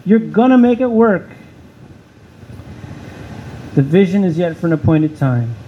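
High-pitched guy preaching, lots of questions n repeating stuff, slightly muffled sound. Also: expressive, a little slow, slight background noise. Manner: preaching with rhetorical questions and emphatic repetition. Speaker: pastor. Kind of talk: sermon.

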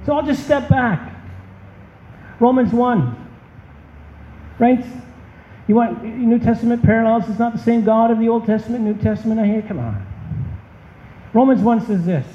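A man's voice: extremely high pitch, normal speed, pauses often. A man preaching a sermon as a pastor, emphatic and impassioned. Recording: dull, echoey hall.

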